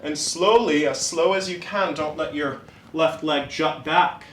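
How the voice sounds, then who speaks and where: A man leading a yoga class, giving calm, encouraging step-by-step cues. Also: fairly high pitch, unhurried, roomy sound, a little hiss or hum. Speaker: yoga instructor.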